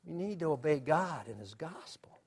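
High-voiced man preaching emphatically. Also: lively intonation, moderate pace, breathy edge. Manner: emphatic, rhetorical questions, swings loud to soft. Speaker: pastor. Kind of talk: sermon.

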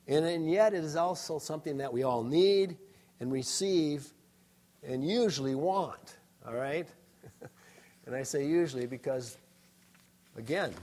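A man's voice: a little high, darkish tone. A middle-aged male pastor giving a sermon, conversational and humorous, often adding "all right?" to his points.

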